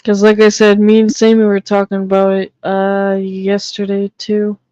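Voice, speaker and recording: A woman's voice: medium pitch, completely flat delivery, moderate pace, warm tone, clear, resonant tone, no echo, highs cut off. A woman from the Boston area chatting casually on her live stream, blunt and swearing freely.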